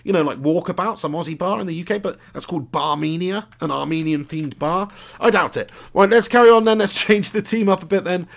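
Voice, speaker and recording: Man, gravelly, slightly high voice, live game streamer, chatty, slangy. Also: fairly quick. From southern England. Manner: chatty, laughs often, British slang. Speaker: gaming streamer. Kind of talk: live gameplay commentary and chat.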